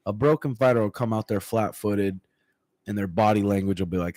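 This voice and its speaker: A man who works as a fight coach, chatting casually on a livestream and answering viewer comments in a relaxed, profane way, often clearing his throat. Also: lowish voice, fairly quick, no echo. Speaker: MMA coach. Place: room at home.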